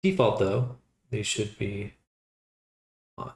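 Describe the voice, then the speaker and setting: A sleepy man thinking aloud in a quiet, unhurried murmur while he works through a task on a livestream. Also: lowish voice, expressive, vocal fry. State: sleepy, yawning. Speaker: livestreamer building avatars.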